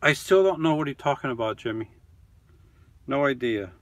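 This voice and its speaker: A man's voice: mid-range voice, animated, moderate pace, dry recording. A man hosting a casual live stream from his camper van, reading viewer comments aloud and answering them one by one in an easygoing, chatty way that often trails off.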